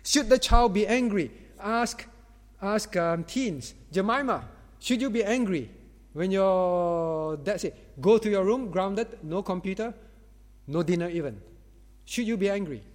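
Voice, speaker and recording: A man with a high voice preaches to parents in a lively sermon. He acts out the voices of angry parents and teens and calls on listeners by name. His voice rings with the long echo of a hall. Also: a little slow. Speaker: pastor.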